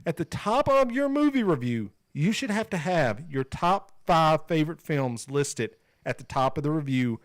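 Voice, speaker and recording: A podcast co-host with a slightly high, sing-song voice talks at normal speed with hardly any pauses, and there's no echo. He rants emphatically in a casual chat, repeating himself.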